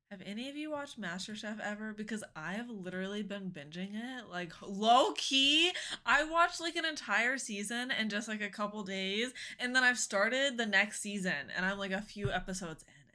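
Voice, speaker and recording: Bubbly, bright-voiced young woman streamer. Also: on the high side. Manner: bubbly, chatty, laughs often. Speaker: video game streamer. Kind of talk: casual live-stream chat.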